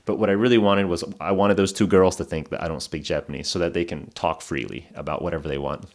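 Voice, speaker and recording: A man's voice: deep voice, fairly even intonation, fast talker. A man hosting a podcast, telling a casual story in a rambling way, full of fillers and restarts, and laughing now and then. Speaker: podcast host.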